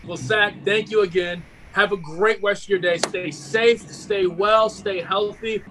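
A man from Maryland hosting a casual podcast interview from home, relaxed and chatty, laughing easily. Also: sits high, measured pace, background noise. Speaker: podcast host.

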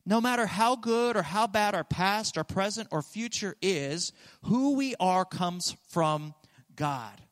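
Male pastor, higher-pitched voice, earnest, repeats key phrases; preaching in a church with a long hall echo. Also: expressive, takes it slowly, a bit bright. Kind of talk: sermon. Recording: long reverb of a large hall.

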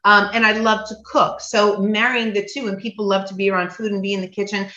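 A woman's voice: mid-range voice, little pitch movement, brisk, sharp tone. A woman talking casually as a podcast guest, chatty and full of fillers. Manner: chatty, many fillers and restarts. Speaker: guest, cooking event business owner. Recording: roomy, dull lo-fi sound.

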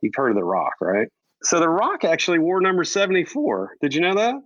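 A man's voice: fairly high pitch, big pitch swings, a little fast, no echo, dull audio. A man co-hosting a casual sports podcast, talking in a playful, teasing way and laughing often. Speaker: podcast co-host.

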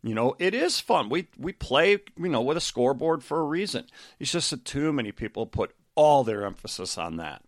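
A man's voice: medium pitch, very animated, moderate pace, no room sound, clean studio sound. A middle-aged man, a coach and podcast host, talking casually about a book, rambling with lots of fillers and restarts.

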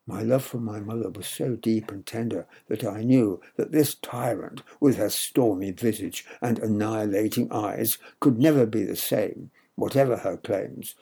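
An older man reading his memoir aloud in a measured, wry storytelling manner. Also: on the low side, creaky, dark tone, breathy edge. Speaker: narrator.

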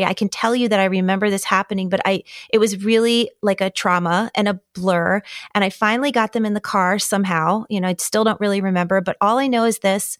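A woman's voice: medium pitch, dry recording, studio quality. A middle-aged woman, a guest in a conversation, telling a personal story in an earnest, candid and emotionally open way. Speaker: podcast guest.

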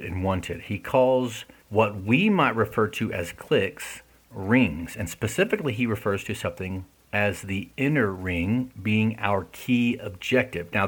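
Guy, slightly low husky voice, talking earnest and casual, keeps asking if it makes sense. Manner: earnest, conversational, asks listeners questions. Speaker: speaker discussing an essay. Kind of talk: casual reflective talk.

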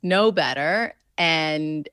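A woman's voice: deep voice, drawn-out words, dry recording, studio quality. A woman in her thirties, a guest author and educator, talking through ideas in a casual interview with plenty of fillers and restarts. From New York. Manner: warm, reflective, many fillers and restarts.

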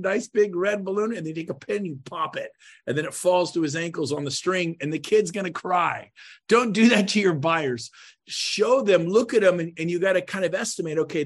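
A man coaching real estate agents on a podcast in an emphatic, punchy way, swinging between loud bursts and quiet asides. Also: a little high.

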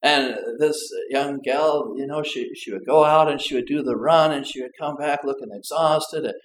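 A man's voice: a little high, normal speed, a little hiss or hum. A male pastor preaching a sermon in a loose, conversational way, often repeating words and asking rhetorical tag questions. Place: church. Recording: echoey church room.

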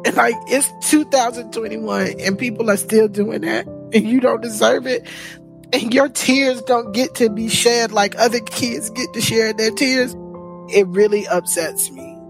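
A woman's voice: a little high, unhurried, gravelly. Woman, earnest storyteller, emotional, protective, music underneath. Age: young adult. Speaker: host and storyteller. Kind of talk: emotional family conversation and narration.

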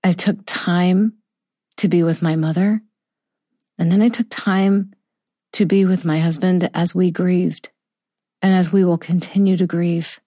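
A middle-aged woman speaking softly and slowly about a personal loss in a heartfelt, reflective monologue. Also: on the low side, steady tone, no echo, clean studio sound. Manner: soft, slow and heartfelt, with tender pauses. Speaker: vlogger sharing a personal story.

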